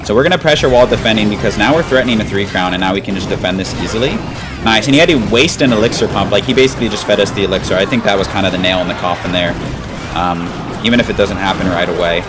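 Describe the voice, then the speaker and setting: A man's voice: lowish voice, rapid-fire, heavy background noise. A man giving casual live commentary over his own gameplay, calling out his plays and cheering on key moments. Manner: casual, breaks into excited chanting at big moments. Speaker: gaming commentator. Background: background music.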